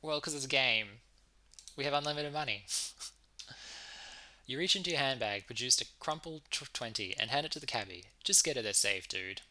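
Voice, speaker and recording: A man's voice: medium pitch, animated, normal speed, pauses often, sharp tone, rough recording. A man playing through a narrative game, reading the text aloud and breaking off for chatty asides. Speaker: let's play streamer. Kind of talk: reading a visual novel aloud with commentary.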